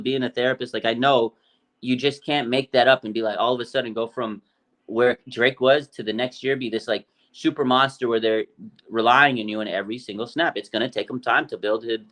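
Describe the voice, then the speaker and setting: A man co-hosting a sports podcast, talking in a quick, animated and opinionated way with many fillers. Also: medium pitch. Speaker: podcast co-host. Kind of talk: casual sports talk.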